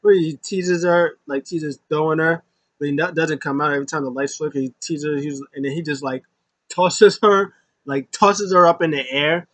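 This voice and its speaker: Man, casual wrestling recap, rambling, lots of fillers, somewhat high voice, dry close sound. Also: moderate pace, dry recording. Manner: rambling, filler-heavy, animated.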